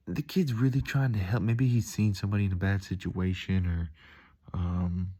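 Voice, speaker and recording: Laid-back deep-voiced man rambling casually. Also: fairly even intonation, normal speed, mellow, husky. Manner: laid-back, calls the listener dude and man, mimics angry voices in stories.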